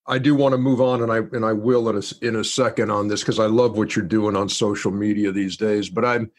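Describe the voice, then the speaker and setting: A man's voice: fairly low pitch, steady tone, fairly quick. A man hosting and asking the guest questions in an encouraging, rambling way. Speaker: host. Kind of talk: interview questions.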